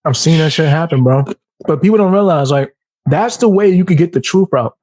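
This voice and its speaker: A man hosts a casual podcast, recounting stories with lots of energy and jumping into other people's voices as he goes. His voice sits a bit high for a man. The sound is dry and close, with no room around it. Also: fairly quick, no room sound. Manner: animated storyteller, acts out quotes in a raised voice. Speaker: podcast host.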